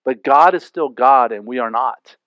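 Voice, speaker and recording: A man's voice: medium pitch, normal speed, no echo, highs cut off. Chatty man preaching a sermon. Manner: conversational, with frequent asides and rhetorical questions. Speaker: pastor.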